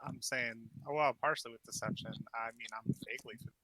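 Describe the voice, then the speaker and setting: A man's voice: medium pitch, steady tone, fast, sharp tone, no room sound, poor audio. A man playing in a tabletop game, talking in a hesitant, drawling way. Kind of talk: casual game chat.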